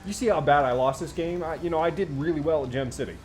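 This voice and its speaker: A man's voice: fairly high pitch, fast. A man co-hosting a casual tabletop gaming chat, blunt and offhand. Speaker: co-host.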